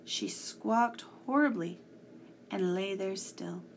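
A woman reading a children's story aloud, measured and sometimes hushed. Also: mid-range voice, gravelly, a little hiss or hum.

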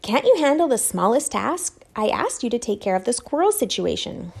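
Brief: woman reading as an exasperated storybook mum, high and shrill, scolding hard. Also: sing-song, normal speed, creaky, husky, exaggerated voice. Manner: sharp, scolding. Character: shrill, exasperated mother, middle-aged woman.

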